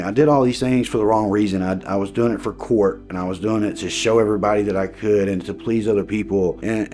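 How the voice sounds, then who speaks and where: Low-voiced man giving earnest testimony. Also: a little mellow. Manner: earnest and halting, with frequent restarts and fillers; emotional at times. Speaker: person sharing his recovery story. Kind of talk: personal testimony.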